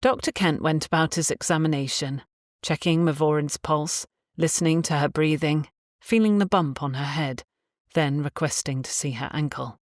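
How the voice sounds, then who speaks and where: A woman reading an audiobook as narrator in a steady, even storytelling manner. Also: deep voice, moderate pace, dry recording, studio quality.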